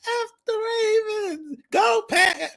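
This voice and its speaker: Man doing a shrill heckling woman. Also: takes it slowly, creaky, full character voice. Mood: jeering. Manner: shrill jeering shouts. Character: rowdy woman friend heckling a rival team.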